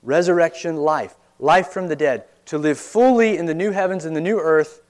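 A man with a slightly higher voice delivers a college-ministry sermon. He preaches earnestly but conversationally, throwing out rhetorical questions to his listeners. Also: normal speed, a little mellow. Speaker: pastor.

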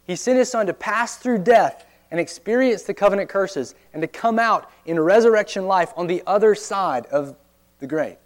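A man's voice: sits high, lively intonation, moderate pace. A man preaching a sermon in an earnest, conversational way, often asking his listeners rhetorical questions. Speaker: pastor.

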